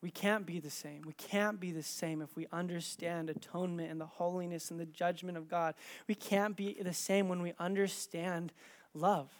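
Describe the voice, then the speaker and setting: High-voiced man preaching with raw emotion. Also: fairly even intonation, normal speed. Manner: emotional storytelling, swinging from hushed near-whispers to loud, intense emphasis; casual, with many "like" fillers. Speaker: pastor. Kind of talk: sermon.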